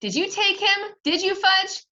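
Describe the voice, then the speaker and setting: A woman voicing an upset young boy who shouts and pleads with his family. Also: extremely high pitch, big pitch swings, normal speed, muffled recording, voice pushed up, heavily acted. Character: sulky upset schoolboy narrator-brother.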